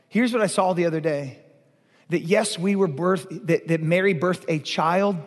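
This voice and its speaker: High-voiced pastor in a reverberant hall. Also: male voice. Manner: playful, emphatic preaching, slows way down on key lines. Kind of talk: sermon.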